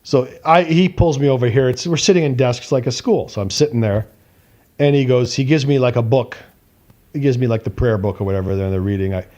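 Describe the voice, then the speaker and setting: A man's voice: mid-range voice, a little fast, a little mellow. A man co-hosting a podcast, telling a casual story animatedly, acting out voices and swearing now and then. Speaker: podcast co-host.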